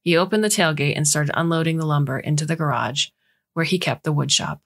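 Woman, audiobook narrator, scripted narration, measured, low-pitched. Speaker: audiobook reader.

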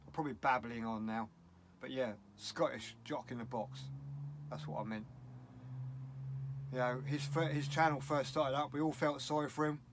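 A man's voice: medium pitch, steady tone, moderate pace, long pauses, noisy background. Annoyed middle-aged british bloke ranting in his vlog, rambles on, bit blunt. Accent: British English. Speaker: vlogger. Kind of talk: casual vlog rant.

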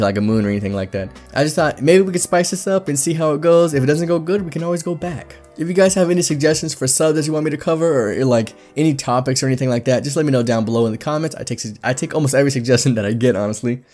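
A man's voice: mid-range voice, a little mellow. A young man with a slight lisp from braces, rambling casually to his viewers as a channel host. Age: young adult. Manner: fast-talking, rambling, lots of "like".

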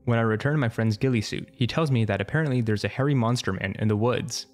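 Male narrator, mid-pitch, dry matter-of-fact comic storytelling, faint music behind. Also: fast talker. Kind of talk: comedic narration of an internet story.

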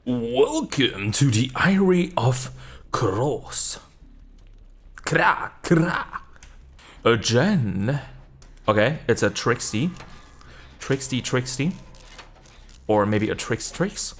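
A man giving live gameplay commentary, excitable, swearing casually, jumping to high yelps when the game gets tense. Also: very slow, pauses often, slight background noise. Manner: swears casually and laughs at himself. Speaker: video game streamer.

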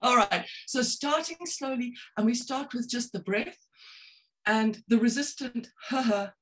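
Middle-aged woman running an online laughter yoga class, slow unhurried talk, coaxing and affectionate. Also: on the high side, a bit bright. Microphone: video call.

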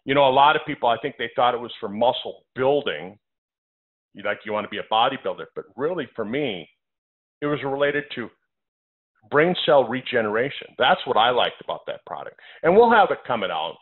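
A man hosting a health call as the doctor, lecturing in a forceful way, repeating his phrases and running through a numbered list. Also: medium pitch, sing-song, fairly quick. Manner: emphatic, repeats phrases, lists numbered points. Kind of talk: health talk on a conference call. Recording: phone-line audio.

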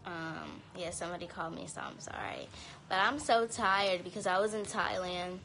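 A tired young woman chatting casually to viewers on a phone live stream from home, talking in a drowsy, low-energy way. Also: fairly even intonation, normal speed, a bit bright, a little hiss or hum, low-quality recording. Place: home, indoors.

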